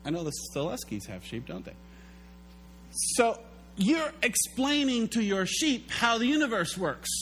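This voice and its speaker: A man preaching a sermon as pastor, telling stories in an animated way and acting out the quotes. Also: very high-pitched, measured pace. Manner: animated storytelling, acts out quotes.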